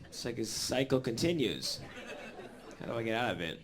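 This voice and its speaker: A man's voice: medium pitch, expressive, moderate pace, crowd noise. A man performing a live stand-up set in a comedy club, rambling with lots of fillers and swearing.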